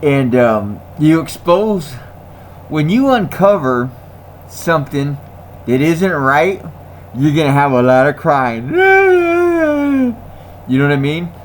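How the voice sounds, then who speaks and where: Slow, lively-voiced man ranting. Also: fairly high pitch, a little hiss or hum. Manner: repetitive, laughing, slangy. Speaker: vlogger. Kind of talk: casual ranting monologue.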